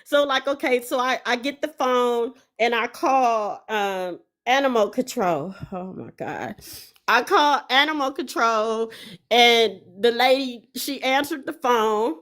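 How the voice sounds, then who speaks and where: A middle-aged woman telling a story in an animated, profane way, full of emphatic repetition. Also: fairly high pitch, slow.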